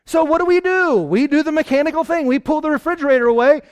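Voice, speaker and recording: A man preaching a sermon to a live audience, lively and acting out little exchanges between husband and wife. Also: extremely high pitch, fast talker, dry recording, clean studio sound.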